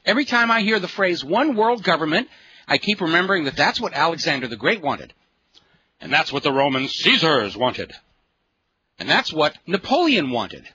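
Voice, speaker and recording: Fiery high-voiced male radio host. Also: big pitch swings, normal speed, sharp tone. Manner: impassioned ranting. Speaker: radio talk show host. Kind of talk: political talk radio monologue. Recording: lo-fi radio broadcast with faint noise.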